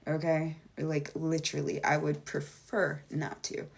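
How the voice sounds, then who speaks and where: In a casual monologue to her viewers, a woman vlogger and life coach is blunt and emphatic, swears freely and acts out quoted voices with big pitch jumps. Otherwise her delivery is completely flat and unhurried, her voice gravelly and husky.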